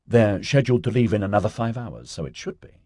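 A man's voice: fairly low pitch, lively intonation, fast talker, no echo, studio quality, voice pushed up. A man voicing a subdued, cautious young woman in an audiobook. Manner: subdued, quiet.

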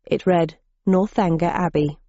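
A woman's voice: on the low side, fairly even intonation, unhurried, mellow, dry recording, lo-fi sound. A woman reading a first-person audiobook in a wry, dry, observant manner. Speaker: audiobook narrator.

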